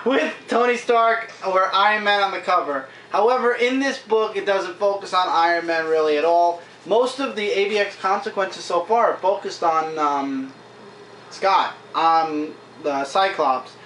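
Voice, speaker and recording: A fairly high-voiced man talks casually through a stack of comics, recapping scenes with lots of fillers. The camera mic sits back from him in a roomy, echoing space with a faint hiss underneath. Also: measured pace, fairly bright tone. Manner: chatty, retells scenes with frequent fillers. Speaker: comic book reviewer. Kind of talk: casual vlog review. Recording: echoey room, mic at a distance.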